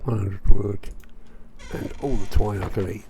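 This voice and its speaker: Man, low voice, let's play commentary, wry, self-mocking asides. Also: fairly even intonation, unhurried, gravelly, mellow, slight background noise. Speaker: gamer.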